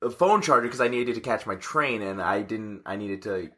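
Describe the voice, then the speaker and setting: A man's voice: lowish voice, animated, moderate pace, sharp tone. A man in his twenties, co-hosting a casual podcast chat, telling rambling stories with restarts and laughs. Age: 20s. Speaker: podcast co-host.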